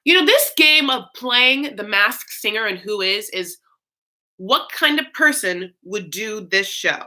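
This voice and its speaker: A woman hosting a casual chat, talking loosely with many fillers and swinging between high and low. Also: expressive, unhurried, bright, forceful tone. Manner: chatty, swoops high and low, frequent fillers; campy, calls listeners honey. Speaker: host.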